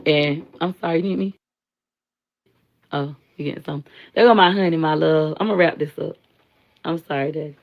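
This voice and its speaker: A woman hosting a live stream, giving blunt, slangy commentary and telling stories in an animated way. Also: deep voice, fairly quick, vocal fry, pauses often, lo-fi sound. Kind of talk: casual commentary and storytelling.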